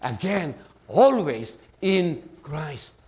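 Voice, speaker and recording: A male pastor with a Filipino accent preaching a sermon, mixing English and Tagalog, often asking the congregation "Amen?" and rising from soft asides to loud emphatic peaks. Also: fairly high pitch, sing-song, very slow, slight background noise.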